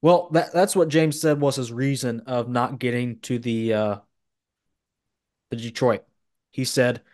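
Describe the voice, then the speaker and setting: Mid-pitched guy hosting a podcast, opinionated, keeps restarting his sentences. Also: fairly even intonation, measured pace, long pauses, a little mellow. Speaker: podcast host. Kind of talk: casual chat.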